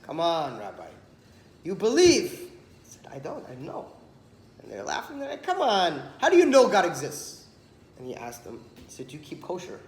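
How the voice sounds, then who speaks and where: A man giving a storytelling Torah talk, acting out the dialogue as he goes. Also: high-pitched. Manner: animated storyteller, acts out dialogue. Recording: echoey room, some background noise.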